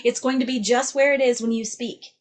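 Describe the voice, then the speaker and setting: A woman's voice: a little high, fairly even intonation, a little fast, slight background noise. A young adult woman teaching a singing lesson, upbeat and demonstrative, checking in with "right?" after nearly every phrase. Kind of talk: vocal lesson to camera.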